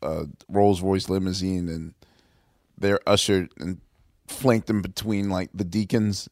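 A man's voice: low voice, fairly even intonation, a little slow, a little mellow, dry recording, clean studio sound. An American man hosting a casual chat, talking through details with fillers and restarts. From United States. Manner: conversational, hesitant fillers when recalling details.

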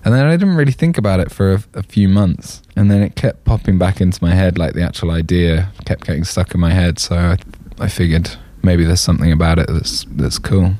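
A man's voice: low-pitched, fairly quick, few pauses, warm tone, no room sound. A young man, a musician guest on a radio show, chatting casually and rambling with many fillers and restarts into a studio microphone. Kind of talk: casual interview chat.

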